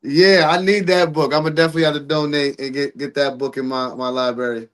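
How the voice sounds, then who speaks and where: A man joins the chat as a guest, asking quick, loose questions and restarting his sentences as he goes. His voice sits a little high for a man. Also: fairly even intonation. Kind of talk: casual chat.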